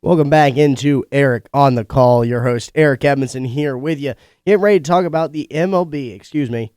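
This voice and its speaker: A young man with a congested, stuffy voice hosts a college radio sports show, talking through the week's games in a chatty, opinionated way with quick asides. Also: medium pitch, a little mellow, clear, resonant tone, dry recording, clean studio sound. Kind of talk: casual sports talk monologue. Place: studio.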